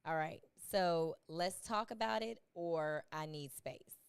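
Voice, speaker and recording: A woman's voice: deep voice, takes it slowly, clear, resonant tone. A woman hosting a podcast interview, playful and emphatic, in casual chat. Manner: lively, playful, emphatic with "listen" and "okay". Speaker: podcast host.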